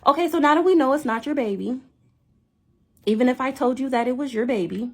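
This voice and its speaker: A young woman telling a story in a casual vlog rant, animated and incredulous, repeating herself. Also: high-pitched, a little fast, slightly rough. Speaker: vlogger.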